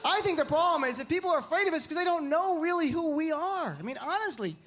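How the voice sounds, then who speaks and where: A male stand-up comedian from New Jersey, performing on stage to a live audience with an animated, mocking delivery. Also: extremely high pitch, fast. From New Jersey, USA. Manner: animated, mocking delivery with many put-on voices. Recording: live show with audience noise.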